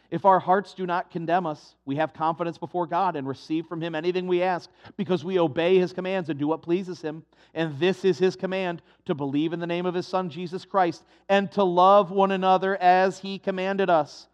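A man preaching a sermon, swinging from hushed, soft passages to impassioned, raised delivery. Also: high-pitched, fairly even intonation, normal speed, lo-fi sound.

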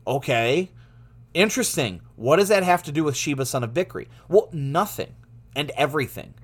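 A man teaching through a Bible passage in a lively way, laughing often and restarting his words. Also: a little high, normal speed.

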